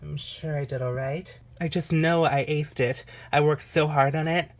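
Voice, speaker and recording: A woman's voice: low-pitched, steady tone, normal speed, poor audio. A woman voicing a proud, sarcastic teenage girl in an amateur voice drama. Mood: dismissive. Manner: cutting, sarcastic. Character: proud, sharp-tongued teen girl.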